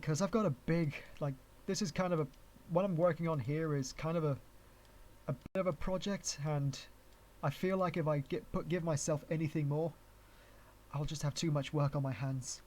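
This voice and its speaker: His tone is steady and darkish, his speed normal, and his voice a bit higher than average. A Canadian man with an English accent, he streams a 3D rigging tutorial in a loose, unscripted ramble, often restarting sentences and laughing at himself.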